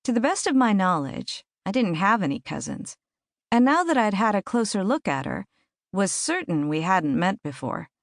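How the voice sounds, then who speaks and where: A woman narrates an audiobook in first person, with measured, clear storytelling. Her voice is mid-pitched. The studio recording is dry and close. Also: sing-song, no echo.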